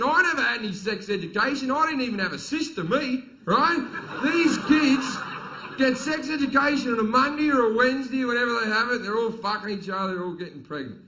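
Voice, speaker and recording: A man with an Australian accent doing a stand-up comedy set, telling crude, profane stories and punching up the jokes loudly. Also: extremely high pitch, poor audio. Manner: crude, profane, storytelling delivery with sudden loud punchlines. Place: comedy venue stage with audience.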